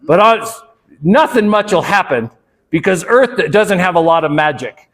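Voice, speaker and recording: A man's voice: high-pitched, sing-song, moderate pace. A man voicing an ancient, sweaty, greenish convenience store clerk who talks in a drawling, unimpressed way. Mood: world-weary.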